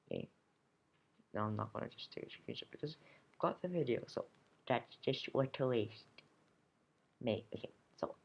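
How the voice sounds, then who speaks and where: Teen boy mumbling and cursing at his game, slow and croaky, muffled cheap headset with a faint hiss. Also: medium pitch. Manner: grumbling, swearing, drops to whispers. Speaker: gamer opening card packs. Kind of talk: casual gameplay commentary.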